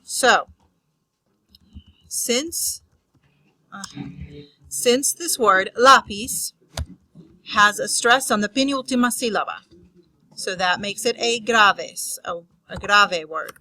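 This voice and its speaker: Slow-talking woman explaining grammar rules. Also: medium pitch, sharp tone, dry recording, poor audio. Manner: unscripted, with restarts and fillers. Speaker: Spanish teacher.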